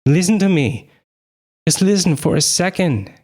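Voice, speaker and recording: A man's voice: sits high, animated, moderate pace, voice pushed up. A man voicing a young woman who calls out firmly and urgently in an audiobook. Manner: firm, pleading shouts. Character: steady young woman, tense but firm.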